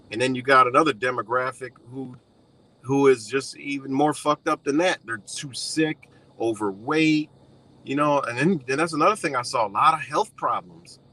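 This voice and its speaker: A man's voice: medium pitch, pushed and bright, a little hiss or hum, rough recording. A man with a Western New York accent ranting casually to camera, blunt and profane, rambling with lots of fillers.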